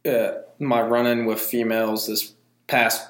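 A man's voice: medium pitch, level tone, unhurried, slight background noise. A young man co-hosting a podcast, laid-back in casual chat and laughing often. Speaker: podcast co-host. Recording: roomy echo.

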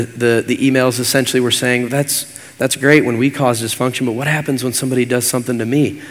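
A male pastor preaching a sermon with an earnest, repetitive cadence. His voice sits at an ordinary pitch. It rings out with a long reverb that fills the church hall around him.

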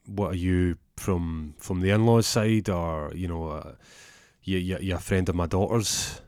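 A man's voice: sits low, steady tone, measured pace, a little mellow, no echo, clean studio sound. A man voicing a flustered middle-aged shopkeeper, a bride's father, who stammers.

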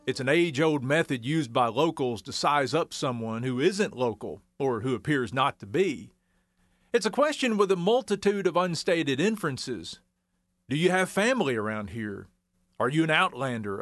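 A man's voice: a little high, fairly bright tone, no room sound. Folksy man. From Arkansas Ozarks. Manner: wry, folksy storytelling. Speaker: narrator. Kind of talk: scripted documentary narration.

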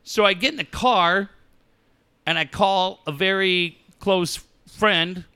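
A man's voice: sits high, slow, smooth. A middle-aged man co-hosting a talk show, telling a story animatedly and swearing freely. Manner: animated, acts out quoted voices, swears freely. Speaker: radio show co-host.

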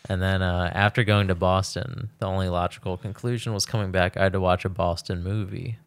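Male co-host, low gravelly voice, relaxed rambling storyteller. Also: fairly quick, no echo. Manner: laid-back storyteller, lots of fillers. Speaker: podcast co-host. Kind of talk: casual chat.

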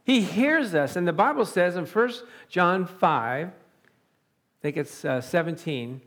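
A man preaching a sermon, animated and chuckling often, calling out to his congregation. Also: sits high, takes it slowly.

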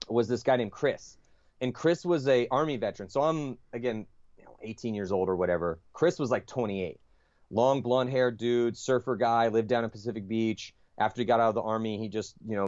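A podcast guest with a fairly low man's voice tells a long story in a loose, rambling way. He swears freely and fills the gaps with "like" and "you know". The sound is dry and a bit dull, as from a lo-fi recording. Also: a little mellow, no room sound. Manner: profane, rambling, lots of fillers and restarts. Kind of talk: casual storytelling.

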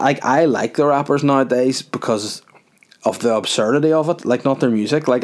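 A man hosting a podcast in a casual, rambling comedic monologue, full of "like" and swearing. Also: medium pitch. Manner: rambling, jokey, with frequent swearing and "like". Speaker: podcast host and comedy club runner.

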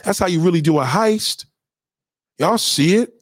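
Dude going off on a rant, high voice jumping all over, cussing a lot, dry close sound. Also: male voice, moderate pace, no room sound. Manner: animated, profane, preachy and conspiratorial; repeats himself for emphasis. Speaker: vlogger giving opinions. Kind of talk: profane rant to camera.

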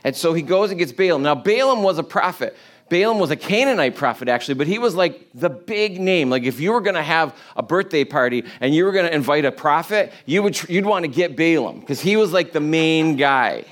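Man, preacher, casual sermon storytelling, conversational, humorous, filler-heavy, fairly high voice. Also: expressive, a little fast, fairly bright tone.

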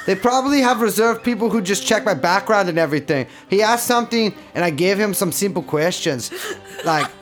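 A man's voice: sits high, animated, a little fast, faint music behind. A man voicing an evasive male Russian bodyguard and trainer in a comedic interview reenactment, speaking broken English in a put-on Russian accent that drifts toward German and Polish. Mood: matter-of-fact. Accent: put-on Russian, slipping toward German and Polish. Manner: broken English, defensive, denies everything.

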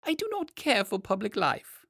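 A man's voice: high voice, big pitch swings, normal speed, vocal fry, pushed and bright, no echo, clean studio sound, pitched above the performer's own voice, full character voice. A man voicing a shy male Manticora creature with a prim, aloof delivery.

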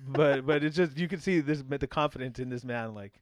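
A man's voice: medium pitch, no room sound. Rambling, swearing man. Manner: rambling, halting, heavy swearing. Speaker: podcast co-host. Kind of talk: casual chat.

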